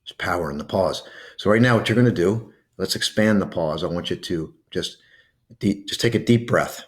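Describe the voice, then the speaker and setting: A man with a low, deep voice leads a slow breathing exercise. He coaxes gently and lets soft pauses hang between his words. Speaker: host guiding a calming exercise. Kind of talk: guided breathing meditation.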